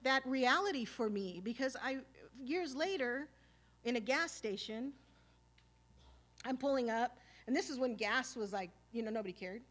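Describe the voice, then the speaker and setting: A woman's voice: a little high, moderate pace. Streetwise Los woman telling stories. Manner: casual, streetwise and profane, full of "you know" and "like"; animated, acting out past arguments. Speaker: speaker. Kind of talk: storytelling talk at a symposium. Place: stage at a live event.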